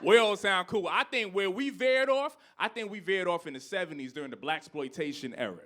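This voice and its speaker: Speaking a little fast, this man in his thirties rants through a stand-up routine at a club, mixing loud bursts with murmured asides.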